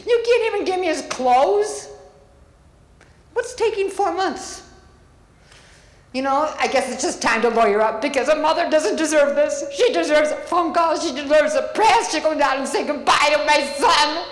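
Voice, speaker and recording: A high-pitched, expressive woman speaks at normal speed during public comment at a village board meeting, crying and angry as her voice breaks with grief. She uses the podium microphone, and the hall echoes with long reverb.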